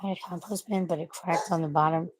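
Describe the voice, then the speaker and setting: A woman's voice: fairly low pitch, fairly even intonation, quick pace, dry recording. Rambling, cursing woman on a dry mic. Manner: rambling, swears often, coos at her pets. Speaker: streamer chatting with viewers. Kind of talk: casual livestream chat. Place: bedroom at home.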